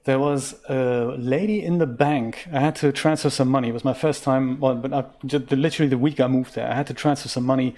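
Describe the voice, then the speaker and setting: A man's voice: medium pitch, steady tone, a little fast, few pauses, a little mellow. A man from Germany giving casual let's-play commentary on a puzzle game, chatty and self-mocking, with rambling asides. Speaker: game streamer.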